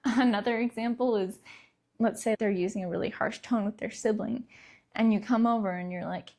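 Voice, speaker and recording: A woman's voice: on the high side, fairly even intonation, moderate pace, darkish tone. A young adult woman hosting a parenting podcast, talking casually and laughing lightly between words. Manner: conversational, laughs lightly mid-sentence. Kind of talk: casual solo talk.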